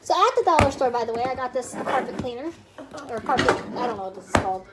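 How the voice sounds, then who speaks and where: High-voiced young woman ranting casually. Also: animated, fast talker, very noisy. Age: 20s. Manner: rambling, swears freely, many likes. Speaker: vlogger. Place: home with small children around.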